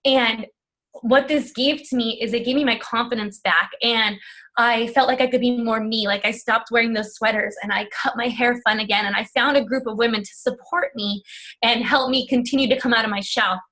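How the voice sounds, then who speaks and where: Her voice is a little high, steady and sharp, moving at a moderate pace as this fitness coach recounts her coaching journey on a video call. She gets emotional and occasionally tearful, chatting freely and often quoting what she and others said.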